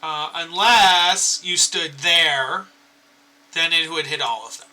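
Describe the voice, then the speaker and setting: A man runs the tabletop session as dungeon master, his voice high and strikingly bright. He makes quick rulings and laughs often. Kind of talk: running a tabletop game.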